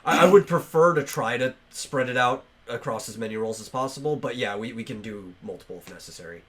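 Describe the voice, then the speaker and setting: A man's voice: medium pitch, quick pace, fairly bright tone, slight background noise. A man hosting a casual podcast, talking loosely with lots of fillers and restarts. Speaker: podcast host.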